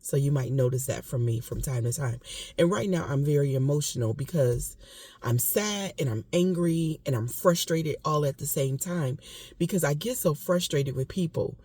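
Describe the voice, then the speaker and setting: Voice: medium pitch, normal speed, darkish tone, slightly rough, no room sound. A vlogger giving impassioned casual commentary, emphatic and repetitive, with occasional coughing. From United States.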